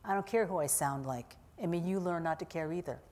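A woman's voice: fairly low pitch, fairly quick, darkish tone, close to an everyday voice. A woman reading as a dry, pragmatic male mentor.

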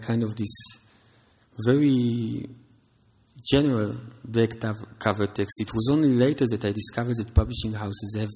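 Israeli man, husky voice, big hall. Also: fairly low pitch, a little mellow. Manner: hesitant, chatty, self-deprecating. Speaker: author. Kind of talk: public reading and talk. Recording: reverberant hall.

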